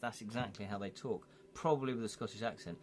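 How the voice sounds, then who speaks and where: A man's voice: on the low side, fast, a little mellow. A man hosting a live-streamed interactive gamebook, chatty and rambling as he reads chat comments aloud and asks viewers to vote.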